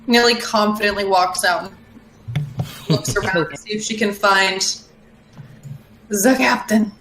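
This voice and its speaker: Woman player, medium pitch, casual loose narration, roomy echo, faint music behind. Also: normal speed. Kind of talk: describing her character's actions. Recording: echoey room with faint music.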